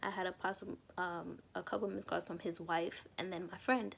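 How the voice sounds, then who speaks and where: A woman's voice: on the low side, moderate pace, gravelly. A young woman casually telling a personal story to camera, acting out quotes of herself and others. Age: young adult. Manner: chatty, quotes herself and others in lively asides. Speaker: vlogger.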